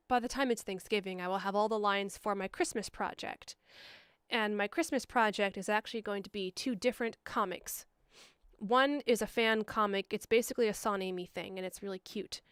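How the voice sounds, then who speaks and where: A woman rambles through a livestream update on her dub projects, with plenty of ums and side remarks. Her voice is very clear and a little hoarse. It sounds close and dry, with no room around it. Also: mid-range voice, fairly bright tone, no echo. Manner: rambling, with frequent ums and asides. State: slightly hoarse. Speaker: fan comic dub producer and director. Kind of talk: casual livestream channel update.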